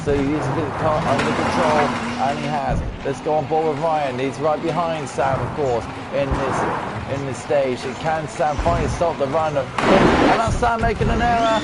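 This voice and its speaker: A man with a sore throat giving excitable sim racing commentary as host. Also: on the high side, heavy background noise. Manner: excitable, quick to exclaim. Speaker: race commentator.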